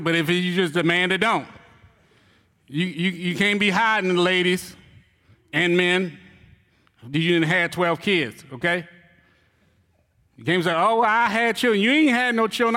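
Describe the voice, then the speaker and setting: High, bright-voiced man preaching in a hall. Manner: animated, joking and teasing the congregation. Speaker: church elder. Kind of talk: humorous sermon on marriage. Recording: reverberant hall.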